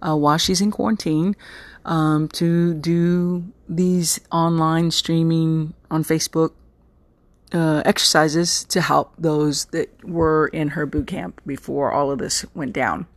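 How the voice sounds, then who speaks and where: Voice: medium pitch, fairly even intonation, slow, no echo. A podcast host from Texas in a rambling, chatty solo monologue, full of fillers and self-mocking asides. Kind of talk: casual solo podcast chat.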